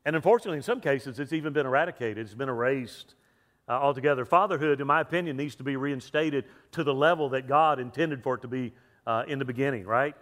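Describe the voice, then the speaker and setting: A male pastor with a mid-range, fairly bright voice speaks quickly in a church sanctuary, where a large hall's long reverb carries his words. His chatty sermon includes jokes and a story, and he repeats words and puts questions to the congregation.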